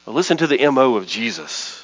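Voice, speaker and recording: A pastor preaching a sermon, emphatic and driving his points home through rhythmic repetition and drawn-out pauses. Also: medium pitch, sing-song, low-quality recording. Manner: reads scripture aloud with dramatic pauses.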